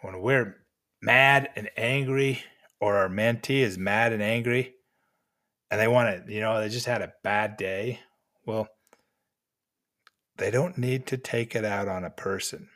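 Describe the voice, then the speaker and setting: Gentle older man, low voice. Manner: gentle, unhurried, encouraging with pauses. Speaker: mentor giving life lessons. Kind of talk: motivational talk to mentees.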